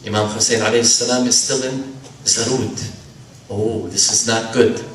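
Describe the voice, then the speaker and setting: A man's voice: mid-range voice, level tone, normal speed. A man lecturing in a sermon, narrating a story dramatically and acting out the dialogue himself. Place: lecture hall. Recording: roomy, distant mic.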